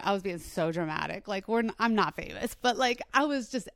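Profane, animated woman comedian, dry sound. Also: mid-range voice, brisk, vocal fry, few pauses, no echo. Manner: profane, animated storyteller acting out her own calls. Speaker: guest comedian. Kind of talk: casual storytelling chat.

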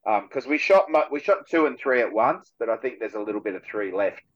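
A male actor with an Australian accent, a guest on a radio show, telling stories in relaxed chat and laughing easily. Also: medium pitch, brisk, highs cut off.

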